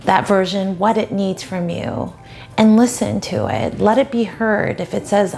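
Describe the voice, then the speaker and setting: A woman dating coach giving advice straight to the viewer in a gentle, encouraging way. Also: mid-range voice, measured pace, vocal fry. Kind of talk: advice talk to camera.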